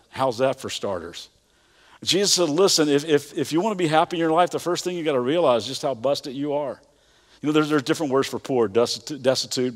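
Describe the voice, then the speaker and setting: A man preaching a sermon as a pastor, talking in a conversational, animated way with casual slang and repeated phrases. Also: mid-range voice. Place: church auditorium. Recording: reverberant church hall.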